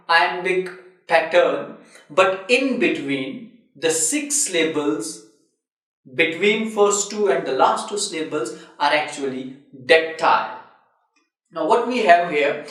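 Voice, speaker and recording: A man's voice: on the high side, a bit bright. A man giving a recorded literature lecture, explaining step by step and breaking words into syllables, with frequent fillers. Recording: very echoey room, voice far from the mic.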